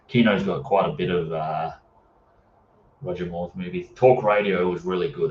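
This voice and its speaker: A very deep-voiced man rambles casually about films he watched, pausing often with fillers. He sits away from the mic in an echoey room, and the sound is dull with a faint hiss. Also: a little mellow, distant mic. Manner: rambling, many fillers, reads live chat. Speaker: livestream host. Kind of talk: casual movie chat.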